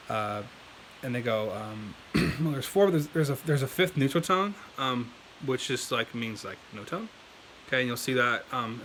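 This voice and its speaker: Young man, american accent, bright voice, casual rambling lesson, faint hiss. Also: mid-range voice, poor audio. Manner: rambling, lots of fillers and restarts. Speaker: language learning YouTuber.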